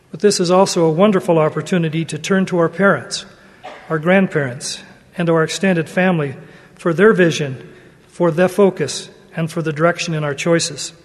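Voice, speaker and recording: A religious speaker preaches an earnest sermon that includes a story read aloud. His voice is notably high for a man, his delivery measured, and every phrase fades into the long reverb of a large hall.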